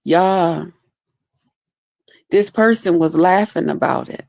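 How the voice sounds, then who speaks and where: A woman's voice: on the low side, vocal fry, a little mellow, dry recording, studio quality. A woman hosting a livestream, telling a personal testimony in an emphatic, preachy way and speaking straight to her viewers. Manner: preachy, slow and emphatic, addresses viewers as y'all. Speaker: host.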